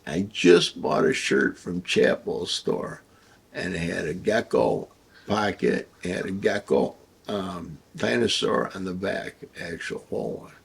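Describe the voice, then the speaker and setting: A man casually telling a rambling, crude anecdote with halting starts. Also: deep voice, animated, gravelly. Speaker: storyteller.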